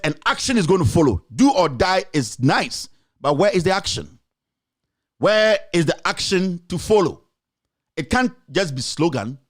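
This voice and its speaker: A man giving impassioned political commentary, urgent and repetitive, rising at times to shouts. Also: sits high.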